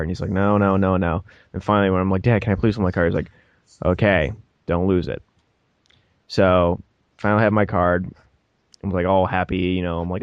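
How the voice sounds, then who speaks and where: A man's voice: low-pitched, normal speed, pauses often, clear, resonant tone, no echo, highs cut off. A young man on a podcast, telling a story casually and laughing as he acts out the people in it. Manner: animated, laughs mid-story, acts out voices. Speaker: podcast co-host.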